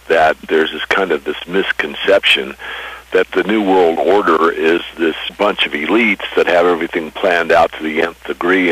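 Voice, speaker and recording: A precious metals newsletter writer speaks earnestly and emphatically about markets and geopolitics in a radio interview. His voice is low-pitched, fairly bright and husky, and the recording quality is poor.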